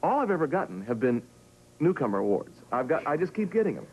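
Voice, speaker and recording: A man's voice: on the high side, big pitch swings, quick pace, darkish tone. A man in his forties from Massachusetts, a guest on a late-night talk show, telling self-deprecating stories in a joking way. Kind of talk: chatty talk show anecdotes. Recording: dull old TV broadcast, faint hiss.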